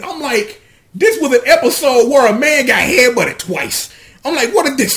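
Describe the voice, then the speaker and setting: A man hosting a solo podcast, reviewing a TV episode in slangy, animated casual commentary. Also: very high voice, moderate pace.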